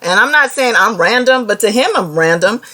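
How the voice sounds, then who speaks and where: A woman's voice: medium pitch, animated, pushed and bright, low-quality recording. A woman hosting a live stream, reading viewer comments aloud and chatting casually. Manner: chatty, quick to apologize, reads comments aloud. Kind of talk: casual chat.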